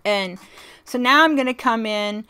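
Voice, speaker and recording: A woman's voice: fairly high pitch, a little slow, bright, forceful tone, clear, resonant tone. A woman hosting a card-making tutorial, talking in a chatty, folksy way while she works and laughing often. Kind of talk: casual crafting tutorial narration.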